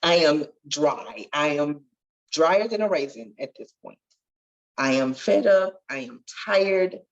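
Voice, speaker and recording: A woman's voice: sits low, lively intonation, slow, highs cut off. A woman guest telling her life story in an earnest, testifying way that swells with feeling. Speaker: podcast guest, nurse. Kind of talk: emotional storytelling interview.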